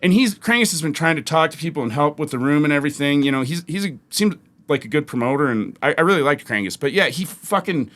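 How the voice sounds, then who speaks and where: A comedian from Denver spins road stories in loose, profane podcast chat. His voice sits a little high for a man and sounds bright and forward, and he slips into voices for the people in his anecdotes. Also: fast, few pauses. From Denver, United States. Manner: animated, swearing, acts out voices in anecdotes. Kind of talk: casual storytelling chat.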